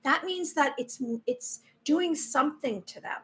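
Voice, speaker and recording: A woman's voice: high-pitched, a little slow, fairly bright tone. A woman hosting a spiritual live stream, talking in an earnest, rambling way with many restarts. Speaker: spiritual livestream host. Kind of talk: casual live-stream talk.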